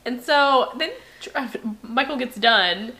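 A woman co-hosting a casual podcast, telling family stories with quick asides and frequent laughter. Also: a little high, bright, forceful tone. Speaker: podcast co-host. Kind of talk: casual chat.

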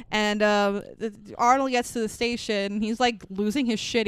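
A woman's voice: mid-range voice, fairly even intonation, normal speed, few pauses, clean tone, no echo. A woman co-hosting a podcast, recapping a movie in casual, sweary chat and laughing as she acts out lines. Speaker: podcast co-host.

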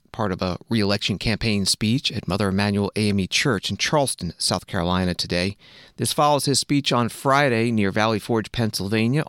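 A male news anchor with a lowish voice, reading the news in a measured, neutral tone. The sound is dry and close, with no room around it. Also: a bit bright, no echo. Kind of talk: scripted news narration.

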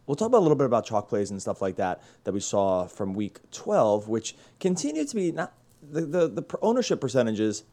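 A man's voice: on the low side, a little mellow. A man hosting a sports podcast, chatting casually and rambling with frequent restarts. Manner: rambling, repeats words and restarts often. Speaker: podcast host.

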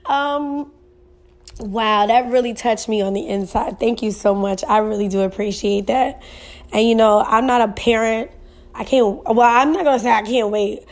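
A woman's voice: a little high, fairly even intonation, moderate pace. A young woman hosting a podcast, reading a listener's message aloud and reacting in a casual, emotional, laughing way. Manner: emotional, laughing, colloquial and chatty. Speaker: podcast host.

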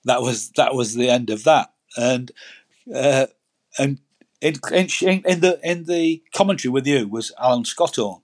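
A man's voice: medium pitch, measured pace. A man, telling rambling stories as a guest in a casual chat, often repeating words. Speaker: guest angler.

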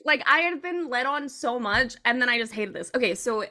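A woman in her thirties telling a story on a casual podcast, animated and chatty, with plenty of "like" and laughter. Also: fairly high pitch, a little fast, a little hiss or hum.

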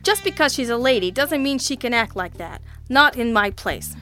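A nervous, whiny little man from an audiobook, played by a woman reader. His voice climbs high and gets loud whenever he's rattled, and he fumbles to please. He talks eagerly, always one step from a squeal. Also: expressive, normal speed, faint music behind. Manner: whining, flustered, eager to please.

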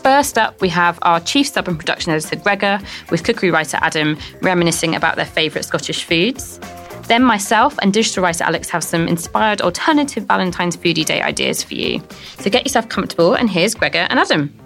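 Fast-talking woman introducing a podcast. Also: fairly low pitch, expressive, a bit bright. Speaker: podcast host. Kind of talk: scripted introduction. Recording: faint music behind. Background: faint music.

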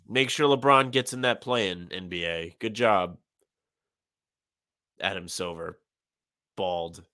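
Man, sports podcast co-host, casual chat, dry sarcasm, bright voice, dead-dry sound. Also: deep voice, slow, clean tone, dry recording. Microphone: remote call, muted at times.

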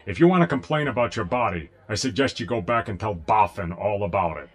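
A man's voice: fairly low pitch, expressive, a little fast, close to an everyday voice. An actor voicing a wary, hesitant male captain.

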